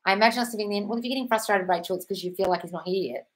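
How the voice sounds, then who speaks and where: A woman's voice: medium pitch, very fast. A woman answering chat questions on a casual live stream, blunt and sweary, calling viewers darling.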